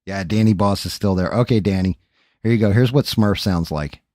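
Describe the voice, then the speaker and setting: A man with a fairly low, darkish voice hosts a casual livestream at a moderate pace, chatting while he paints. The sound is clean studio audio with no room sound, and his talk is profane, rambling, and off-hand.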